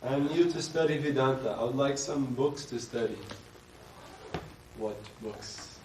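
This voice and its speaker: A man from the audience asking a question, speaking slowly and quietly. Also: mid-range voice. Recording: distant, echoey hall with faint noise.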